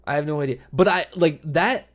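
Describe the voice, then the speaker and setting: A young man with a slightly high voice tells a rowdy story to his livestream chat. He swears constantly and fills his speech with "like" and "bro," keeping things loose and animated. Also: fairly quick. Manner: profane, animated, full of "bro" and "like". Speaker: livestream host. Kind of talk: casual storytelling to stream chat.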